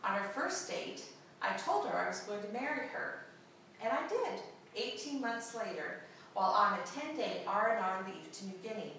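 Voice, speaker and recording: A woman preaching and reading a story aloud in an earnest, expressive way. Her bright, fairly high voice moves through a wide range at a slow pace. The sound reaches the mic from far off in a room with heavy echo. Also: a little hiss or hum. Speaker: speaker giving a Mother's Day message. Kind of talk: sermon with read-aloud story.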